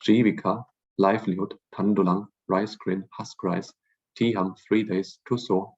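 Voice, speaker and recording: A man's voice: low voice, steady tone, a little mellow, husky, muffled recording. A man teaching a language class, reading out words one by one, repeating each and giving its meaning. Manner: repeats each word slowly, then glosses it. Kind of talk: lecture reading vocabulary aloud.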